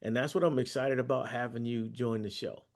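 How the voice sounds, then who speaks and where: A man hosting a podcast and radio show, with energetic introductions and relaxed, conversational questions. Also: mid-range voice, fairly quick, creaky. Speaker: host.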